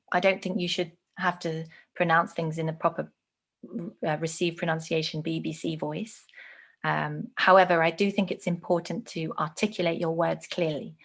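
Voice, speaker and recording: A woman teaching an online lesson on speech delivery, explaining in a conversational way with frequent ums and slowing down to stress words. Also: fairly low pitch, gravelly.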